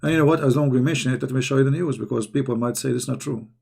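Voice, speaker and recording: Hoarse, gravelly man, heated commentary. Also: medium pitch, darkish tone. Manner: heated, rhetorical questions, halting non-native English. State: hoarse, losing his voice. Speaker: online commentator. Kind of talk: polemical commentary while reading texts aloud.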